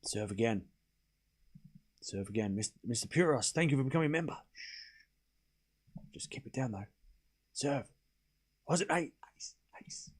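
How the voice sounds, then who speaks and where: A man's voice: medium pitch, lively intonation, moderate pace, long pauses, fairly bright tone. A man hosting a live tennis watchalong stream, calling points and thanking viewers in casual chat. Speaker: livestream host.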